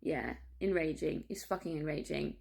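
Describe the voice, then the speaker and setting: A woman talks straight to camera in a loose, unscripted monologue. Her voice sits slightly low, and she swears freely, loses her thread, and cuts herself off with apologetic asides. Laughter keeps breaking into her talk. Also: normal speed, creaky, a little mellow, breathy edge. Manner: restless, self-interrupting, apologetic asides. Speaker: vlogger. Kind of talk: candid personal monologue.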